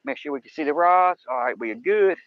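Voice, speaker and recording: A man's voice: a little high, lively intonation, a little fast, no echo, narrow, tinny audio. A man hosting a fishing livestream on a riverbank at night, rambling in a folksy way to his viewers. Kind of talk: casual live-stream chat. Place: outdoors on a riverbank by woods at night. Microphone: camera-mounted microphone near water.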